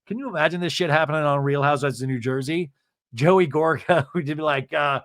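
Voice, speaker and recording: Bright-voiced sarcastic male podcast host. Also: a little high, quick pace, no room sound, studio quality. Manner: animated, sarcastic, swearing. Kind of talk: comedic recap of a reality show.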